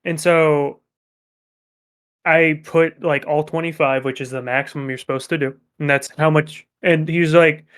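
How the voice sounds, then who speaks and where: A man's voice: on the high side, smooth. Profane young man telling stories. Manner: profane, animated storytelling. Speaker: podcast co-host. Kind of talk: casual chat.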